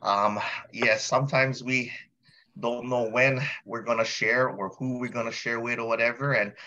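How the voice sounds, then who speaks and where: A man hosting a group update call, praising members with many fillers and pauses. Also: medium pitch, fairly even intonation, bright, forceful tone, highs cut off. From Hawaii. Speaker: call host.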